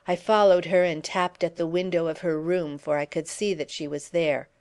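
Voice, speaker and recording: A woman narrating a classic adventure audiobook in steady, measured first-person storytelling. Her voice sits on the low side for a woman. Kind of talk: scripted narration.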